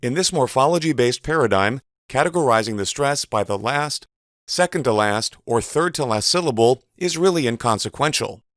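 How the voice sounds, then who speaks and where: A man giving a measured, precise instructional voice-over as a teacher. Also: medium pitch, animated, a bit bright, dry recording, clean studio sound. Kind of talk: scripted instructional narration.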